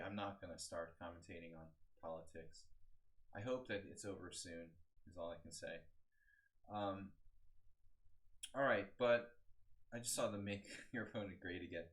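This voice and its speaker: A man's voice: sits low, a bit bright. A man in his forties, a chess coach, giving a casual, rambling live-streamed analysis of games and chatting with his viewers. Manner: casual, rambling, talks to chat.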